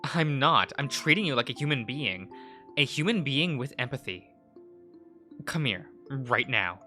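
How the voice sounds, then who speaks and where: A man's voice: mid-range voice, lively intonation, unhurried, pushed and bright, faint music behind. Man voicing blunt fiery woman florist. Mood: earnest. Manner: scolding, bluntly encouraging. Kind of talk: visual novel read-aloud.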